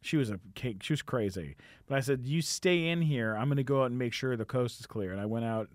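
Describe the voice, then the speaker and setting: A man's voice: mid-range voice, fairly quick, no room sound, clean studio sound. A man, an actor and comedian, chatting as a podcast guest in a loose, rambling way. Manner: loose, rambling, many fillers. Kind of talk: casual chat.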